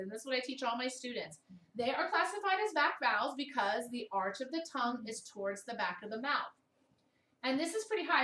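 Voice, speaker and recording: Animated mid-Atlantic American woman voice teacher. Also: high voice. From Baltimore, USA. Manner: animated, demonstrative, models vowel sounds aloud. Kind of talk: vocal technique workshop. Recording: echoey room, distant mic, faint hiss.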